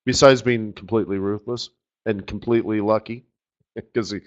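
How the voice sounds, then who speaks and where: This forex market strategist from Canada speaks in a lowish voice with fairly even intonation and a moderate pace. Hosting a live trading webinar, he rambles and jokes casually, often tossing in "right?" to check in, all heard through slightly muffled audio.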